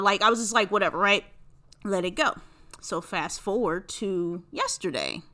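A young woman hosting a podcast, telling a long story in a casual monologue that is profane, animated and rambling. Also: medium pitch, moderate pace. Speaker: podcast host.

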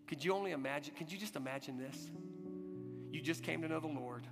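A man preaching a sermon, telling a story dramatically, swinging from urgent loud passages to hushed, quiet ones. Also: a little high, a little fast, creaky. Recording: long hall reverb with music behind.

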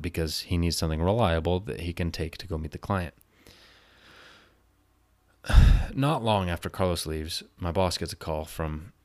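A man telling a work story in a casual, exasperated rant, swearing freely and getting louder as he vents. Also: deep voice. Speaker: vlogger.

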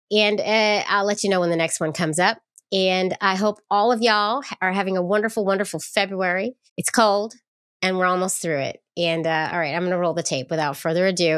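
A woman's voice: on the low side, no echo, studio quality. A woman hosting a podcast in a chatty, flippant way, laughing often as she talks. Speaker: podcast host. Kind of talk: casual podcast chat.

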